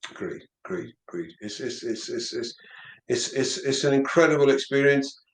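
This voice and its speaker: A man, an interview guest, talking in a halting, reflective way and often repeating his words. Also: mid-range voice, expressive. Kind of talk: casual reflective conversation. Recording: roomy echo.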